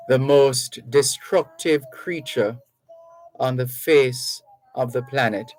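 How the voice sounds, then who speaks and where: A man hosting a radio talk show, reading listener messages aloud in a measured, reflective way. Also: mid-range voice, soft background music, low-quality recording. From Jamaica. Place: radio studio. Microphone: studio microphone.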